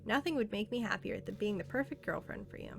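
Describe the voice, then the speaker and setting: A woman's voice: medium pitch, lively intonation, fast talker, creaky, a little hiss or hum. Monika, a woman reading as a clingy girl. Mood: tender. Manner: earnest, intimate, softly pleading. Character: self-aware teenage girl game character, clingy and devoted. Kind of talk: reading game dialogue aloud.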